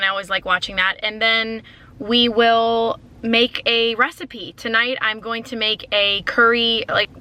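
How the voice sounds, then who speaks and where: Upbeat young woman chatting through a grocery haul vlog, bright voice. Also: medium pitch. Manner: chatty, upbeat, lists items. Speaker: vlogger.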